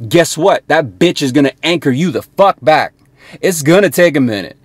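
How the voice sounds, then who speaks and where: A man's voice: a little high, dry recording. Blunt, profane man giving a motivational rant. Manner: blunt, heavily profane, keeps checking in with "right?". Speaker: motivational sales coach.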